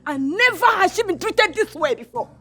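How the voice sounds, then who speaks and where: A woman's voice: very high voice, sing-song, moderate pace, sharp tone, heavily acted. An actress playing the indignant, tearful mother of a palace maid, with a Nigerian accent. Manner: indignant, pleading.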